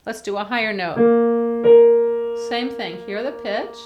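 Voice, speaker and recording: A woman voice teacher giving a chatty singing lesson, breaking into sung warm-up vowels to demonstrate. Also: medium pitch, unhurried, pauses often, faint music behind. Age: older. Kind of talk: vocal lesson to camera.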